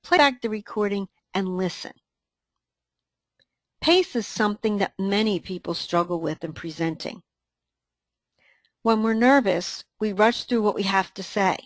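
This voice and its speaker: A woman co-presenting a training webinar, reading a scripted dialogue in an even, instructive way. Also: mid-range voice, a little slow, long pauses, no room sound.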